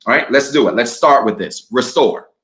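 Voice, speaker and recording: Male pastor, mid-pitched, lively, direct address to online viewers, slow measured reading. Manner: energetic, talks to viewers directly. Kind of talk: livestreamed sermon.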